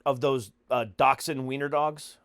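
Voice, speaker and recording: A man's voice: medium pitch, level tone, a little slow, fairly bright tone, smooth, dry recording, studio quality. A man hosting a podcast in casual chat, joking and rambling with many fillers. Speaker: podcast host.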